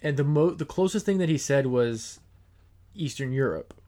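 A man's voice: a little high, lively intonation, normal speed, mellow. A man hosting a podcast in casual chat, telling stories in a rambling way with restarts. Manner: rambling storyteller with many restarts. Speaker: podcast host.

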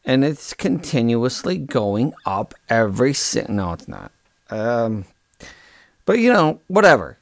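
A man hosting a comic podcast, rambling deadpan and correcting himself mid-sentence. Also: mid-range voice, unhurried, creaky, dry recording. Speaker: podcast host.

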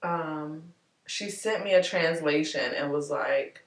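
A woman vlogger talking candidly and warmly to her viewers, chatty and heartfelt, calling them y'all. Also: low voice, takes it slowly, roomy sound, far from the mic. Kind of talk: candid personal vlog talk.

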